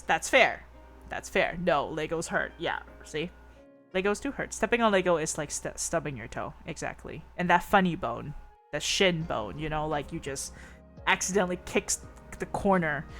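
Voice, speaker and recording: A woman streamer chatting casually with viewers, reading their messages, rambling with lots of fillers, teasing, and giggling often. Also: on the low side.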